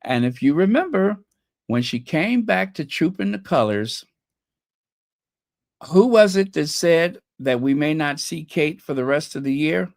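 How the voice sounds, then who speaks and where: Lively, gossipy livestream host with a slow drawl. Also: medium pitch, no echo, clean studio sound. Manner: chatty, gossipy, teasing, laughs at own jokes; trails off searching for names. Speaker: channel host. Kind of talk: casual livestream chat.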